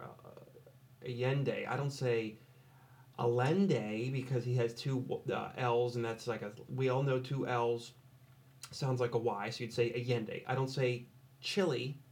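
A man's voice: medium pitch, a little mellow. An American man hosting, commenting on his own show in a rambling, self-questioning, mock-annoyed way. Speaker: podcast host. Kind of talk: solo commentary over a replay.

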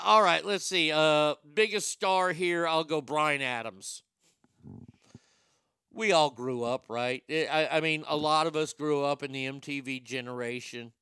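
A man's voice: fairly high pitch, sharp tone, clean tone, no room sound, clean studio sound. A man in casual, rambling commentary, sarcastic and profane as he thinks aloud.

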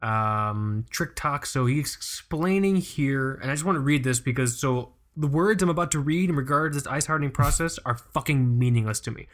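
Young male podcast host; casual, profane, lively storyteller. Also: medium pitch, moderate pace, hardly any pauses. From United States. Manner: profane, animated storytelling with laughs. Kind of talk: casual chat.

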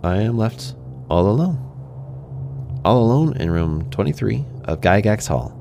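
A man's voice: lowish voice, big pitch swings, a little slow, gravelly, warm tone, a little hiss or hum. A man narrating a first-person fantasy story in a conversational way, speaking to the listener directly.

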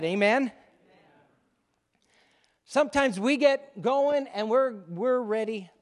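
Animated male pastor in a reverberant church. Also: fairly high pitch. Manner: animated, conversational storytelling to a congregation. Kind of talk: sermon storytelling. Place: church sanctuary.

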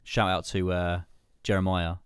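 A man's voice: deep voice, level tone, normal speed, smooth, dry recording, studio quality. A man hosting a casual football podcast, joking and leading the rounds. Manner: jokey, leads the rounds. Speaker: podcast host.

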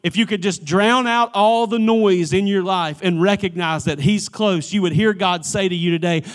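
A man preaching a church sermon, swinging from emphatic pleading to hushed, near-whispered lines and often repeating the first word of a phrase. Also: sits high, normal speed, hardly any pauses. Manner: repeats words at starts of phrases. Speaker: pastor.

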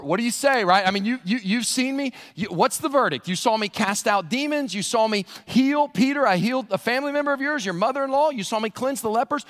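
A man's voice: very high-pitched, gravelly, a bit bright, pitched above the performer's own voice, heavily acted. A man voicing Jesus as an adult man pressing his followers with a rhetorical list of deeds, during a sermon. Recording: long hall reverb in church.

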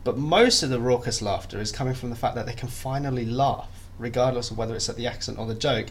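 A man's voice: medium pitch, fast talker. A young man chatting as a podcast guest, self-deprecating and full of restarts. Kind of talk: casual interview chat.

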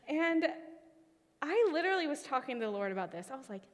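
A woman preacher giving a sermon with a personal story, expressive, often trailing her phrase endings off into a whisper. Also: high-pitched, fairly quick, in a large hall.

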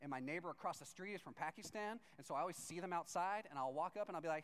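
High, smooth-voiced man telling a comic story. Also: racing. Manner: animated, self-deprecating, jumps into excited shouts when acting out his own reactions.

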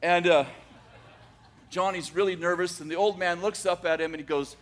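High-voiced man telling a story slowly. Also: fairly even intonation. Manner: unhurried, with dramatic pauses and restarts. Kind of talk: oral storytelling.

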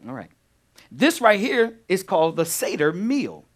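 A male pastor teaching a sermon, animated, repeating key phrases and firing questions at his congregation. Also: sits high, measured pace.

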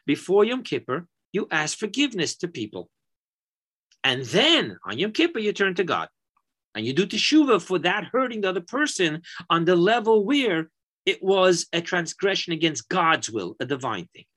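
A man teaching a Torah lesson, an animated and emphatic storyteller. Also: high voice.

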